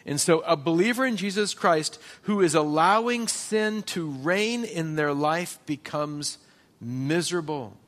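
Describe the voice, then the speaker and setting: A man's voice: a little high, unhurried, a bit bright. A man preaching a sermon as a pastor, telling personal stories and asking the congregation questions.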